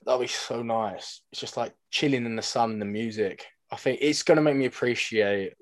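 A man's voice: mid-range voice, normal speed, dry recording. A young man, chatting casually as a podcast co-host, full of "like" fillers and laughing often. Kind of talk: casual chat.

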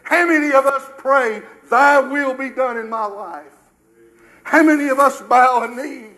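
A man's voice: extremely high pitch, unhurried, sharp tone, low-quality recording. An older American man preaching a sermon with emphatic rhetorical questions, his delivery surging and dropping.

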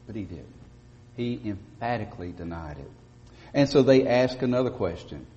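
A man preaching a sermon as pastor, speaking emphatically and rising to loud stresses on key words. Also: fairly low pitch, very animated, normal speed. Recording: dull lo-fi audio with long church reverb.

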